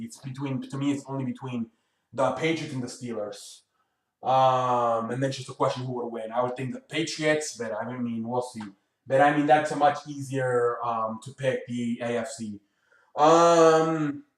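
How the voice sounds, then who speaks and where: A man's voice: mid-range voice, a bit bright, recorded from a distance. A man hosting a casual sports show, rambling with lots of fillers and frequent swearing. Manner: rambling, profane, with many fillers. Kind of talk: casual solo show wrap-up. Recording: roomy, away from mic.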